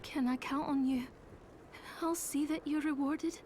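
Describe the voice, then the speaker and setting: A woman's voice: sits high, steady tone, unhurried, darkish tone, slight background noise. An actress voicing an earnest, polite young woman villager in a video game who has lost her people.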